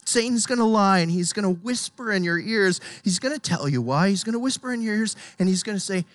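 A preacher giving an impassioned, emphatic sermon, swinging from hushed to loud. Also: medium pitch, lively intonation, fairly quick, no echo.

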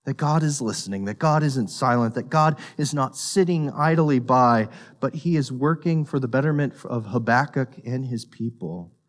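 A man preaching a sermon, earnest and emphatic, repeating words as he builds a point and sinking low and quiet on solemn lines. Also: normal speed, hardly any pauses. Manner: repeats words while thinking. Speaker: pastor.

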